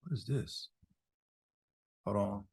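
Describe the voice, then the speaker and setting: A man's voice: lowish voice, takes it slowly, vocal fry, darkish tone, husky. A man hosting a casual live online business masterclass, chatting loosely with participants by name over a video call.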